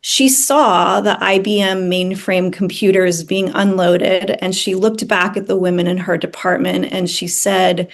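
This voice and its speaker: A woman founder being interviewed, telling her company's story in an earnest, measured way. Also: medium pitch, fairly even intonation. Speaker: founder and CEO, interview guest. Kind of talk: casual interview conversation.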